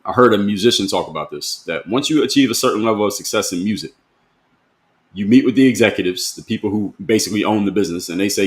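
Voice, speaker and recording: A man's voice: lowish voice, fast, reverberant. A man giving a blunt, emphatic monologue to camera as a motivational speaker, in casual slangy talk.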